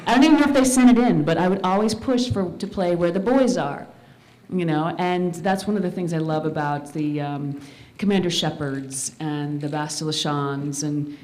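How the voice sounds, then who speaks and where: A woman on a voice actor panel, talking earnestly and quickly about her work. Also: lowish voice, a little mellow. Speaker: voice actress panelist. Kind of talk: casual panel chat. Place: convention panel room.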